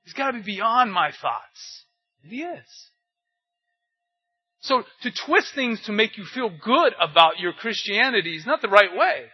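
A man's voice: high voice, sing-song, a little slow, slightly rough, soft background music. An older man preaching as a pastor in a conversational way, asking rhetorical questions and telling anecdotes. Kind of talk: conversational sermon. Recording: dull lo-fi recording.

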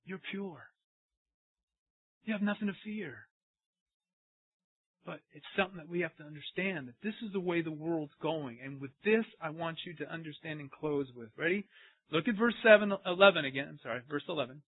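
A man's voice: fairly high pitch, a little fast, slightly rough, no echo. A man preaching a sermon and asking his congregation questions as he goes. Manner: animated, asks the congregation questions. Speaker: pastor. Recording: tinny, phone-like sound.

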